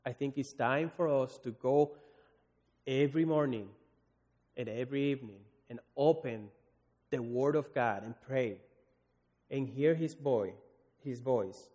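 A man gives a sermon in an echoing hall, his voice sitting in a middle pitch. He talks in an earnest, pleading way, often stopping and restarting his phrases. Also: slow pace, long pauses, mellow. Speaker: preacher. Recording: long hall reverb.

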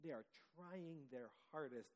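A man preaching a sermon, telling the story with dramatic pauses and lively emphasis. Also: on the high side, in a large hall, dull audio. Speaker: pastor.

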